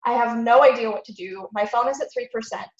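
A woman's voice: fairly high pitch, fast, reverberant, dull audio. A woman guest on a podcast, talking earnestly in a casual interview and acting out her own thoughts, sounding a little sick.

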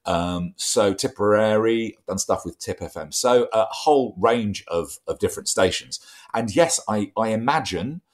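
Expressive male voice trainer. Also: normal speed. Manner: lively, emphatic explaining with wide pitch swings. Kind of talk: podcast interview, conversational.

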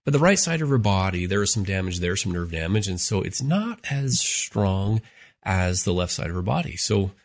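A middle-aged man with a lowish voice co-hosts a casual podcast about marriage. He speaks earnestly and tells stories, with lots of ums and restarts. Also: sing-song, moderate pace. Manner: earnest, warm storyteller with many fillers. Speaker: co-host, marriage therapist.

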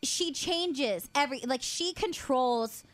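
A woman in her twenties telling a family story in casual chat, acting out the people in it with animated voices. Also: high-pitched, takes it slowly, no echo. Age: 20s.

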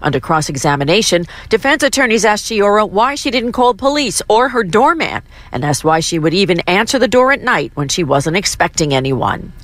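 A woman reporting a radio news story in a measured, serious manner. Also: mid-range voice, sing-song.

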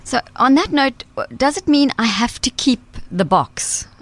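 A woman's voice: high-pitched, animated, unhurried, background noise. A woman hosting a radio talk show, putting short conversational questions to her guest. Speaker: radio host. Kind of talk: interviewing a guest.

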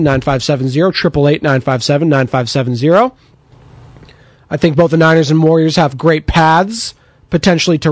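Energetic man hosting sports radio. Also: fairly high pitch, no echo. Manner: energetic, chatty, takes text-line messages. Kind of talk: sports talk radio monologue.

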